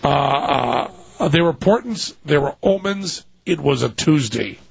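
A man's voice: on the high side, lively intonation, unhurried, creaky, breathy edge, dry recording. A man hosting a radio talk show, rambling and joking with many fillers as he reads a story aloud. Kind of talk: casual radio banter and reading aloud. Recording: dull lo-fi radio audio.

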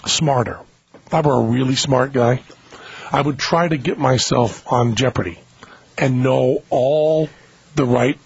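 A man hosting a radio show, rambling in a jokey way and acting out little comic bits in a raspy voice. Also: mid-range voice, unhurried. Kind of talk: casual comedic chat. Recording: muffled radio broadcast.

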